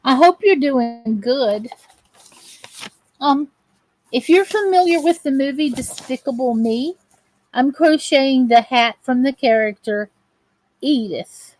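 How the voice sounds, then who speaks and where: A woman's voice: sits high, lively intonation, takes it slowly, long pauses, a little mellow, low-quality recording. A woman hosting a crafting channel, chatting to viewers as she crochets and greeting them by name. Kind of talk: live crochet chat with viewers.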